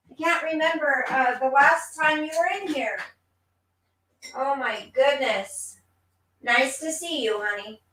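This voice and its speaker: Woman livestream host, slightly high voice, slow unhurried speech, unwell, reading chat comments. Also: fairly bright tone, a little hiss or hum. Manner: chatty, answers chat comments by name. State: unwell, tired.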